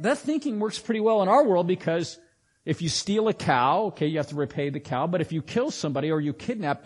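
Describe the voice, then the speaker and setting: A man with a high voice preaching a sermon in a chatty, conversational way. He keeps asking rhetorical questions and gives the scripture he reads a dramatic lift. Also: slightly rough. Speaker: pastor.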